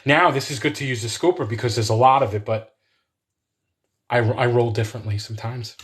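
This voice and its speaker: Cooking live in his home kitchen, a man runs a casual stream and chats with viewers in a rambling way as he goes. He speaks briskly in a mid-range voice with a fairly bright tone.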